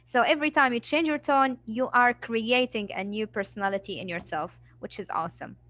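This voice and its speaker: A woman's voice: on the high side, a little fast, fairly bright tone, no echo. A woman teacher leading a reading lesson, patient and encouraging, who sprinkles Arabic words into her talk.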